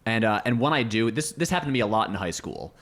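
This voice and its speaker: A man's voice: on the low side, expressive, fast, a bit bright. A man hosting a casual podcast, joking in a playful, dry way. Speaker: podcast host. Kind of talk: casual chat.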